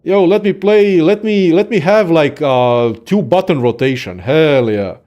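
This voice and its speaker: A young man casually ranting about games in a profane, excitable, rambling way as a content creator. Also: on the high side, unhurried, highs cut off. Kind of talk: casual gaming rant.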